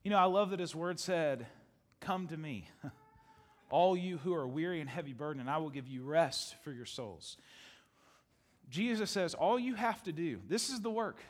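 A male pastor preaching a sermon to his congregation, animated, repeating phrases for emphasis and laughing often. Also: on the high side, normal speed. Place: church sanctuary with congregation.

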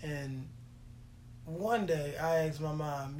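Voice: medium pitch, steady tone, slow pace, darkish tone. A vlogger telling rambling stories in a casual, profane, jokey way and laughing often between lines. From Texas. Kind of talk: casual rambling storytelling monologue. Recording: echoey room with faint hum.

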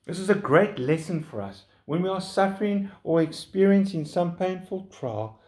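A man preaching a sermon in an earnest, pleading way that lifts in pitch when he urges his listeners. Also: expressive, moderate pace, darkish tone.

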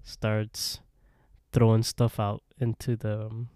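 A man with a low, mellow voice recaps a show episode for his podcast co-host, rambling along and slipping into the characters' lines. The sound is dry and close. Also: completely flat delivery, slow, clear, resonant tone, dry recording. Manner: rambling, laughing, acting out quotes. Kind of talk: casual recap chat.

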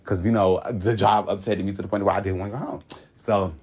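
A young man from Florida telling a story in casual chat, animated and laughing as he goes. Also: quick pace, breathy edge. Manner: animated and laughing, swoops high when excited. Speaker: guest telling his story.

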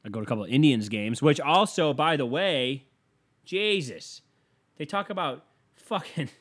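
A man's voice: on the high side, normal speed. Rambling, swearing male comic. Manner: rambling, profane, lively. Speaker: comedian. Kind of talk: profane stand-up rant.

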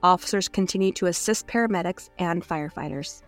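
A woman's voice: lowish voice, a little fast, soft background music. A woman co-hosting a true crime podcast, narrating in an earnest, openly moved way. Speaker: podcast co-host.

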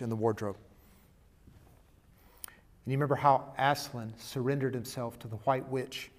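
A man preaching a sermon and reading a storybook passage aloud, swinging from hushed to loud and emphatic. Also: medium pitch.

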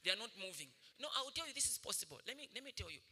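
A male pastor preaches with sharp, bright energy, his pitch leaping all over. He tells stories and laughs freely as he goes. His voice rings through a reverberant hall. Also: racing, a little hiss or hum. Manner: animated storytelling, laughing often. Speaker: senior pastor. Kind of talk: sermon.

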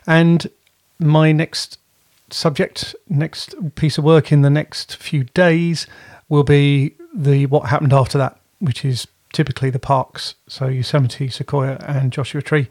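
A man's voice: a little high, little pitch movement, measured pace, darkish tone, dry recording, clean studio sound. A man co-hosting a podcast from home, chatting in a rambling way and often correcting himself. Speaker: podcast co-host. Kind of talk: casual chat.

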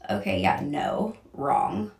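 A woman's voice: low voice, very animated, slow pace, gravelly, darkish tone. Rambling, foul-mouthed young woman, echoey room. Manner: rambling, swears often, many fillers and restarts. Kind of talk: casual storytime vlog. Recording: echoey room, a bit far from the mic.

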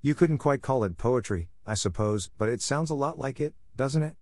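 A man's voice: mid-range voice, lively intonation, moderate pace, darkish tone, no room sound, pitched above the performer's own voice, natural voice. A dreamy little orphan girl who chatters eagerly, as a male narrator puts her on. His voice lifts only a little for her, and the recording is dry and close. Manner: eager, talkative.

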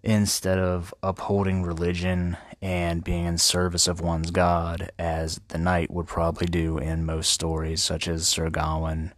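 A man's voice: low voice, completely flat delivery, unhurried, few pauses, no room sound, studio quality. A man hosting an irreverent, profanity-heavy comedic retelling of a classic tale. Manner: profane, irreverent, laid-back. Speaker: host.

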